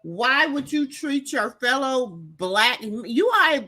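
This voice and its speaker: At home during a storm, a commentary host speaks to her livestream audience in a high, bright, animated voice, calling them y'all. She goes slowly with few pauses, emphatic and direct, hammering points home by repeating them in casual commentary.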